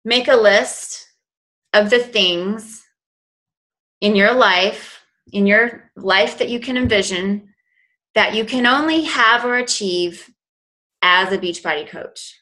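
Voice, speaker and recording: A woman's voice: medium pitch, slow, pauses often, pushed and bright, poor audio. A woman in her forties giving a motivational business coaching talk, earnest and conversational with lots of "you know". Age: 40s.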